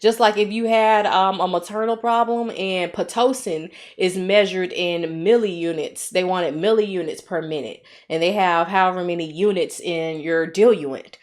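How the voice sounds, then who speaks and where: Alabama lady tutoring nursing students live, chatty and encouraging, slows down on the steps. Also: lowish voice, fairly even intonation. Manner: chatty, encouraging, reads viewer comments aloud; slow, deliberate when working steps.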